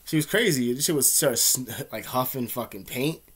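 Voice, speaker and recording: A man's voice: medium pitch, moderate pace, a bit bright, husky. An American man telling rambling, profane stories in a casual vlog, laughing often. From United States. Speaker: vlogger. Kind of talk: casual storytelling.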